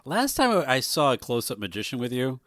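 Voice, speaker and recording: A man co-hosting a podcast, chatting casually with a wry, deadpan teasing manner. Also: medium pitch, fairly quick, no room sound, studio quality. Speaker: podcast co-host. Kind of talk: casual chat.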